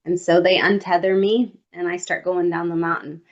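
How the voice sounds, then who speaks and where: A woman guest on a podcast, telling a personal story in an animated way and acting out what others said. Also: fairly low pitch, moderate pace, dull audio.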